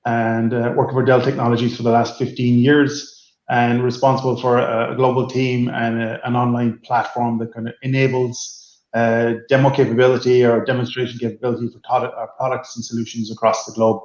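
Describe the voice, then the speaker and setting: A man introducing himself on a video call panel, measured and formal. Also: mid-range voice, little pitch movement, a little mellow, echoey room, lo-fi sound.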